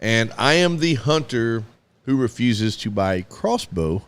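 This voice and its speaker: A man's voice: mid-range voice, sing-song, measured pace, fairly bright tone, clear, resonant tone. A man, co-hosting a casual radio talk show and joking around with friends in country slang. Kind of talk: casual banter among friends.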